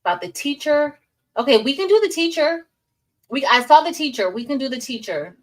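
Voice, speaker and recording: A woman's voice: high-pitched, expressive, a little fast, distant mic, rough recording. A woman teacher hosting a casual livestream, chatting with viewers, reading the chat aloud and calling them y'all.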